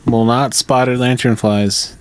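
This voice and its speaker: A man's voice: mid-range voice, steady tone, slow pace, clear, resonant tone, no room sound. A man co-hosting a podcast in casual chat, laid-back and blunt, swearing now and then. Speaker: podcast co-host.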